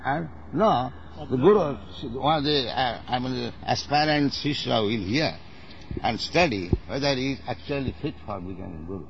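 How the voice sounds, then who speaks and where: A man's voice: mid-range voice, normal speed, vocal fry, lo-fi sound, a little hiss or hum. A man who is a spiritual teacher, instructing in conversation, emphatic and corrective and often repeating himself.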